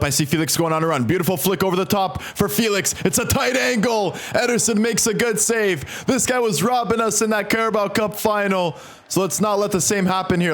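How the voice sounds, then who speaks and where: A young man giving casual play-by-play commentary on his own football video game match, excited by goals and quick to vent at mistakes. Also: high voice. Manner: excitable, swings between calm narration and frustrated outbursts. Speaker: gaming commentator.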